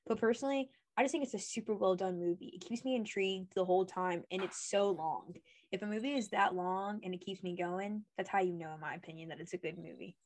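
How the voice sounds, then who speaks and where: A woman's voice: medium pitch, fast, darkish tone. A woman co-hosting a podcast in casual chat, opinionated and rambling, laughing often. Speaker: podcast co-host.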